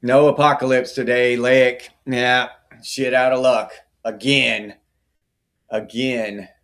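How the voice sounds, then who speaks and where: A man's voice: medium pitch, flat delivery, takes it slowly, a bit bright. A middle-aged man hosting a casual livestream, chatting and answering viewer comments by name. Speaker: livestream host.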